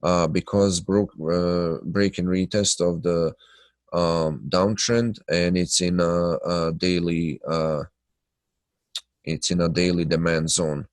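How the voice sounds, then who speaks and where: A man with a low, nasal voice, stuffed up by his sinuses, hosts a live trading webinar. He talks loosely with lots of fillers and breaks off to greet viewers by name. The sound is dry and close to the mic. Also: steady tone, slow pace, dry recording. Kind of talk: live webinar chat and chart analysis.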